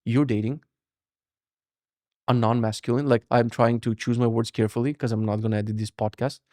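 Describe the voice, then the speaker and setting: Brisk and medium-pitched, a young man hosts a podcast and tells a casual story full of swearing. He's lively, acting out voices to be funny, and the studio sound is clean with no echo.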